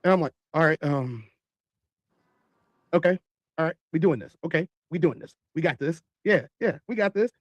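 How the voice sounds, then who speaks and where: A man telling a long story in animated style, acting out other people's voices. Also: on the high side, normal speed, long pauses, dry recording, highs cut off. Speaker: podcast host telling a story.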